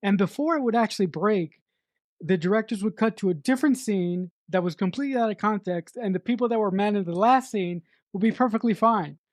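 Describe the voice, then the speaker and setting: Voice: medium pitch, a little fast, no echo, studio quality. A middle-aged podcast co-host reviewing a film in casual chat, emphatic, repeating words for effect and swearing freely.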